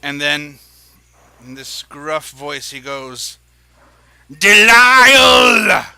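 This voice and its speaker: A man's voice: mid-range voice, little pitch movement, slow pace, pushed and bright, rough recording. A man narrating as dungeon master in a tabletop game, describing scenes in a rambling, hesitant way with many fillers.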